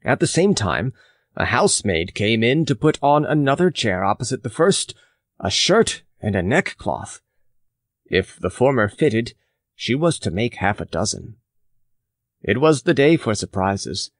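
Man, audiobook narration, slow, lively intonation, dry studio sound. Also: medium pitch, dry recording. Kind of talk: scripted narration of a classic novel.

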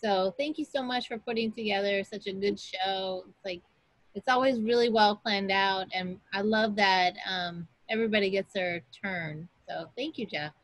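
A woman's voice: medium pitch, moderate pace, low-quality recording. A woman guest on a video call, appreciative and laughing easily. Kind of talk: casual video call chat.

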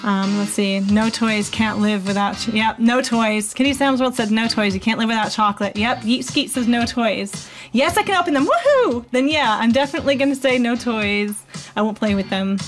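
A woman's voice: fairly high pitch, steady tone, moderate pace, faint music behind. A woman hosting a live stream, chatting casually and reading out viewer comments in a bubbly, rambling way. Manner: chatty and bubbly, thinks aloud with many fillers.

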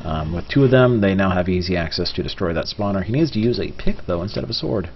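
A man with a Southern US accent giving relaxed, musing live commentary on a game tournament, often clearing his throat. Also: sits low, quick pace. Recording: lo-fi live stream with faint hiss.

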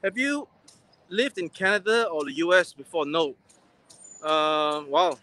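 A man's voice: a little high, a little slow, sharp tone, no echo. A man from Singapore with a Singaporean English accent, hosting a casual walking livestream outdoors and rambling with many fillers and restarts. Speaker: livestream host. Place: city street outdoors. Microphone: phone held on a livestream.

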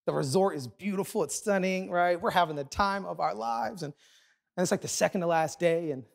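Animated male pastor telling a story. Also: sits high, creaky. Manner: animated, self-deprecating humor with quick asides. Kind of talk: sermon with personal storytelling. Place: large church auditorium.

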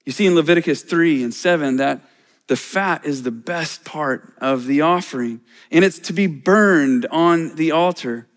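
A man's voice: fairly high pitch, unhurried. A middle-aged man, a church elder, preaching a sermon in a conversational way with self-deprecating humor.

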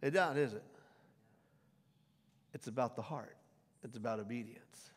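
A middle-aged male pastor preaching to a congregation, rising into loud scripture quotes and dropping back to conversational asides. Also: medium pitch, unhurried, breathy edge. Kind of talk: sermon. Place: church sanctuary before a congregation. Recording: long hall reverb.

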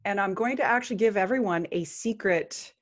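A woman guest on a podcast interview, calmly explaining a spiritual practice. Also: medium pitch. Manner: calm, unhurried explaining. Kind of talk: interview, chanting a mantra.

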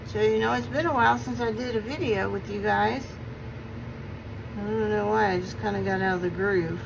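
A woman's voice: mid-range voice, fairly even intonation, normal speed, vocal fry, noisy background. A woman, chatting to her viewers as she works on a resin craft project at her home table, talking casually and poking fun at herself. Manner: chatty, self-deprecating, talks to viewers while working. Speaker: resin craft video maker. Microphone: phone camera.

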